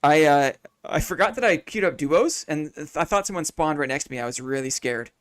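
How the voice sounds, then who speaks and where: A man's voice: fairly high pitch, expressive, fairly quick, a bit bright, clear, resonant tone. A man from Canada, streaming a game live and chatting with his viewers in a goofy, joking way. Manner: goofy, jokey, chatty with chat.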